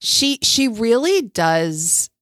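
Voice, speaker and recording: A woman's voice: fairly high pitch, sing-song, extremely slow, a bit bright, no room sound, studio quality. A woman co-hosting a podcast in casual chat, agreeable and playful, laughing often. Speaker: podcast co-host.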